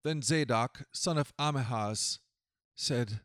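A man reads scripture in a measured, earnest way, with his voice a little higher than most men's. The recording is close and dry. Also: animated, no echo. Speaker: scripture reader. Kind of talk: scripted narration.

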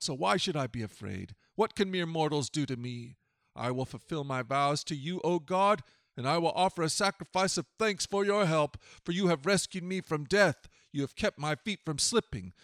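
A man reading scripture aloud in measured, earnest scripted narration. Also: fairly high pitch, a bit bright, dry recording, studio quality. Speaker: scripture reader.

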